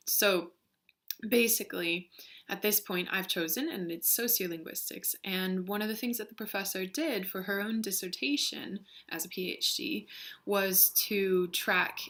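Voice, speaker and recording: A woman's voice: lowish voice, bright, forceful tone. A young woman from the States, talking casually in a video diary and reading a word list, with frequent ums. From Western United States. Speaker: vlogger, linguistics student.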